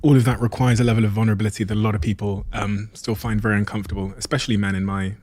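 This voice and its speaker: A man with a fairly low voice hosts a podcast conversation, recorded dry and close. He speaks thoughtfully, pausing and restarting now and then as he reflects. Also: level tone, a little mellow, no echo. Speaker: podcast host.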